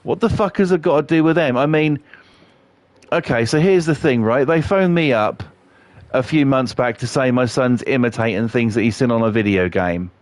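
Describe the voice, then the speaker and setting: A man's voice: mid-range voice, normal speed. A middle-aged man streaming live, chatting casually and telling rambling, sweary stories while he laughs at his own jokes. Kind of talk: casual storytelling while playing a game live.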